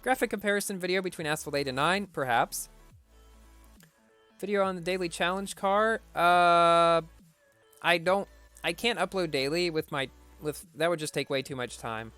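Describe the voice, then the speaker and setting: Smooth-voiced male streamer answering chat. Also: on the high side, moderate pace, bright, forceful tone, soft background music. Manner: reads viewer questions aloud and answers briefly. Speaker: game streamer. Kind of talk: casual live-stream Q&A.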